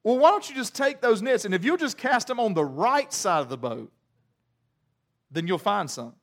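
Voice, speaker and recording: A man's voice: high-pitched, sing-song, normal speed. A man voicing Jesus as a friendly man calling out from the shore in a folksy, coaxing way.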